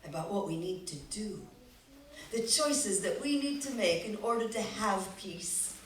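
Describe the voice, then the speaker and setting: A woman tells a folk tale on a festival stage, playful and expressive, often asking her listeners questions. Her pitch rises and falls lively while she takes her time. The sound is echoey and picked up from a distance. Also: a little slow, a little hiss or hum. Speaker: storyteller. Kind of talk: live storytelling to an audience. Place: festival stage before a live audience. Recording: echoey hall, distant mic.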